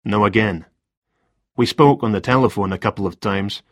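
A man's voice: lowish voice, moderate pace, dry recording, clean studio sound, natural voice. A man reading a flustered rambling writer. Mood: subdued. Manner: hesitant and rambling.

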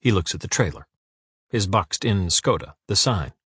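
A man narrating an audiobook in a measured, even storytelling voice. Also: deep voice, slightly rough, no room sound, studio quality. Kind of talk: scripted narration.

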